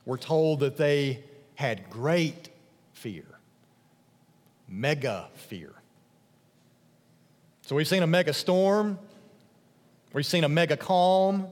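A man preaching a sermon as a pastor, expressive, dropping soft and low for emphasis and rising for questions. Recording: long hall reverb.

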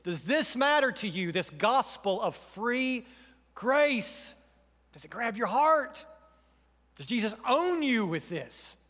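Male pastor, high voice, earnest sermon with emphatic swells and soft drops, long church reverb. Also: very animated, slow. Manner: earnest preaching, rising to emphatic questions then dropping soft.

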